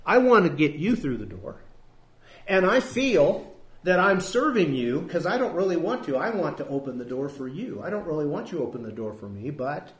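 A man's voice: a little high, sing-song, moderate pace, reverberant. A male pastor giving a conversational sermon, acting out the voices he quotes. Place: church building.

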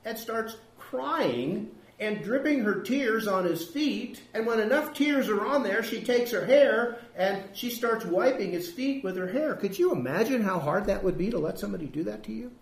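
A man's voice: high voice, expressive, unhurried, echoey room. A male pastor giving a conversational sermon, acting out the voices he quotes. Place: church building.

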